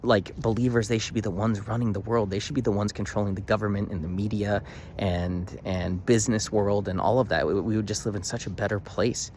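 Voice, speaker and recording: A man's voice: lowish voice, steady tone, a little fast, darkish tone, slight background noise. A young man vlogging, telling a story casually with emphatic bursts and lots of fillers and restarts.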